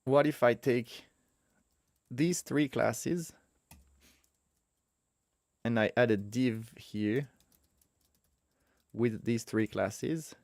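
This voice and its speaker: Guy coding on screen, talks it through, middle pitch, dry close mic. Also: very slow, gravelly, long pauses, a little mellow, no echo. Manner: thinking aloud, self-correcting, chuckles at own mistakes. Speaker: web developer teaching a coding tutorial. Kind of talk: casual screencast coding walkthrough.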